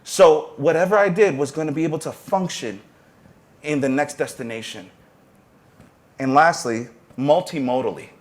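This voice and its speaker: A man's voice: fairly high pitch, normal speed. A man speaking on a panel as a university professor of arts entrepreneurship, earnest and motivational, with brief restarts. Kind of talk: panel discussion talk.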